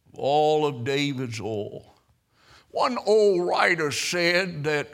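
Man, preacher, sermon, bright tense tone, slow deliberate delivery. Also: mid-range voice. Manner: storytelling, swelling into loud emphatic preaching.

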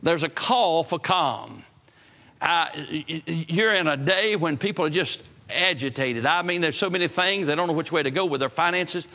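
Fervent bright-voiced preacher man. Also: lively intonation, moderate pace. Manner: fervent, rising to loud emphatic peaks then dropping low; repeats phrases for emphasis. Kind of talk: sermon.

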